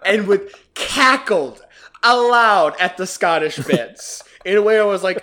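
Guy hosting a movie podcast, kinda high voice, laughs a lot, joking around. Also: measured pace. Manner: laughs often, jokey and animated. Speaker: podcast host scoring predictions. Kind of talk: casual movie-review chat.

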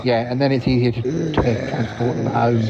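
A man playing a male pest exterminator in an improvised comedy podcast, who talks haltingly and keeps saying quack. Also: mid-range voice, steady tone, gravelly, heavy background noise, lightly acted. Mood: cheerful. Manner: halting, full of ums and repeated quacks. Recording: dull lo-fi recording with crowd behind.

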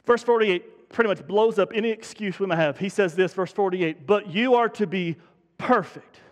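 A man's voice: sits high, moderate pace. A man preaching a sermon as pastor in a church sanctuary, fervent and urgent, often restarting his words. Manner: fervent, building to urgent emphasis; frequent restarts and stumbles. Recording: long hall reverb in a church.

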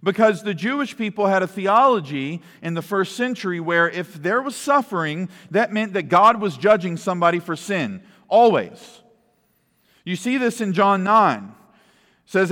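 A man's voice: sits high, expressive, moderate pace, pushed and bright. A man preaching a sermon in a church, reading scripture and then explaining it in an earnest, conversational way with asides to the congregation. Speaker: pastor. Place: church sanctuary. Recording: long hall reverb.

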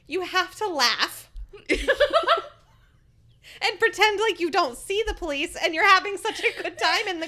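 A playful woman chatting with friends, her voice very high and bright. She laughs often and leans into mock indignation. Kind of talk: casual book-club chat.

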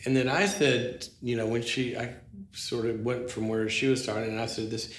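A man's voice: medium pitch, moderate pace. A man with a mid-range voice tells a story in conversation, acting out both sides of the dialogue with plenty of restarts. He sounds like a psychologist speaking in a roomy space, with a faint hiss in the background. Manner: animated, acts out dialogue, frequent restarts.

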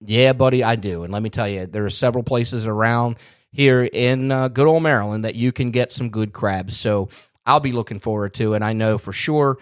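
A man's voice: medium pitch, normal speed, clear, resonant tone, dry recording, studio quality. A man hosting a casual podcast chat, teasing his co-host in an easygoing way and laughing along.

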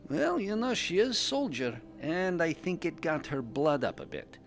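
A man plays a cheerful male pandaren adventurer and doting husband, narrating his tale in character on a fan podcast. He talks a little slowly in a sing-song voice on the high side, in broken English that leaves out articles and verb endings.

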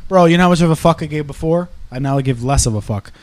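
A man hosting a podcast from Canada, trading dry, quick teasing remarks in casual banter. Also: a little high, a little mellow, dry recording. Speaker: podcast host.

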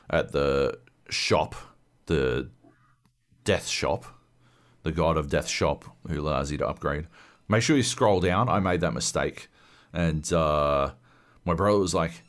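A man co-hosting a podcast in casual chat, rambling and swearing, full of fillers and restarts. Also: low-pitched. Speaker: podcast co-host. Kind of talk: casual chat about games.

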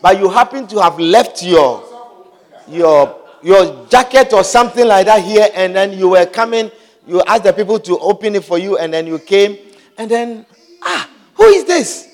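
A man's voice: sits high, normal speed. A pastor preaching a sermon. He repeats key phrases for emphasis and keeps asking the congregation whether they understand.

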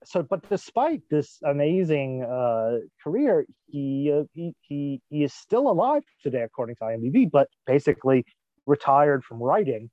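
Halting man with a dull, dry sound. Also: on the high side, big pitch swings, no echo. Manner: halting, many restarts and fillers. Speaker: podcast co-host. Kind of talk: casual chat.

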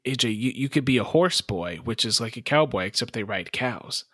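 A man joking through casual podcast banter with deadpan asides. His pitch moves a lot and his tone is bright. The recording is dry. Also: moderate pace, slightly rough, no room sound. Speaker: co-host player.

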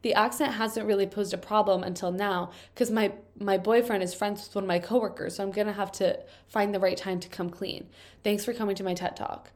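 A woman's voice: mid-range voice, fairly even intonation, a little mellow. Congested young woman, chatty and wry. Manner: quick, chatty, wry asides between read-out passages. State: congested from allergies. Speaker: video host reading and reacting to confession posts. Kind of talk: casual chat reading posts aloud.

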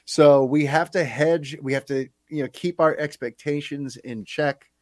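Man, podcast host, casual, animated, fillers, higher voice, dry close sound. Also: unhurried, dry recording. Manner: animated, chatty, lots of fillers.

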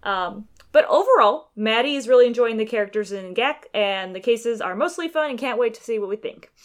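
A woman's voice: on the high side, expressive, brisk. A woman co-hosting a podcast in casual chat, reading out a listener's email with many fillers. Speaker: podcast co-host.

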